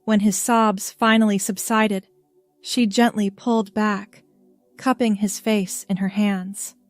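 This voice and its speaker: A woman reading a story aloud as narrator, in a gentle, measured way. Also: mid-range voice, steady tone, soft background music. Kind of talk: scripted narration.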